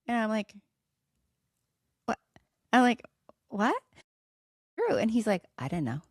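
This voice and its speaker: A woman's voice: mid-range voice, normal speed, pauses often, no echo, studio quality. Chatty middle-aged female podcast co-host. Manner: chatty, many "like" fillers, rising excited questions. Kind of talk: casual chat.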